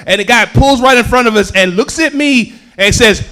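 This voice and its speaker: A stand-up comedian from Houston, Texas, telling animated stories on a comedy club stage and acting out the people in them. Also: male voice, very high voice, moderate pace. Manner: animated storytelling with acted-out voices.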